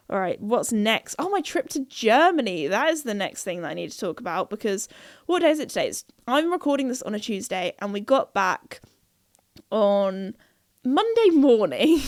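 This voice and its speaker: A young woman in her twenties hosting a podcast, telling a story in a chatty, animated way with lots of filler words. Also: on the high side, no echo, studio quality. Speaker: podcast host. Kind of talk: casual storytelling monologue.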